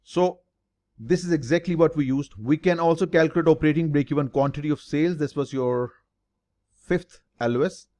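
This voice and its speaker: Man tutor explaining finance, slightly high voice, leans hard on key words, asks himself questions then answers. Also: brisk, warm tone. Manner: emphatic, repeats key terms, asks and answers own questions. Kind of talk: lecture explaining break-even analysis.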